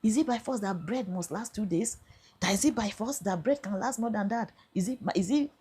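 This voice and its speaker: A woman's voice: medium pitch, animated, brisk, warm tone, slightly rough, voice pushed up. A Nigerian woman voicing a stern, dismissive male police officer in a scolding, bossy tone.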